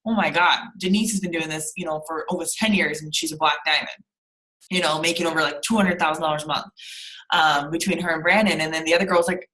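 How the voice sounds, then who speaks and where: Woman, bright voice, animated storytelling, acts out quotes, casual swearing, video call. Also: low-pitched, fast talker, poor audio. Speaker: team member on a group video call.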